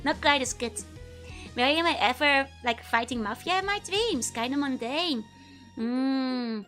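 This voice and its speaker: A woman's voice: sits high, lively intonation, measured pace, fairly bright tone, faint music behind. A woman, chatting casually with viewers on a live stream, giggling often while her voice is still recovering from illness. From Netherlands. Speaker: VTuber streamer.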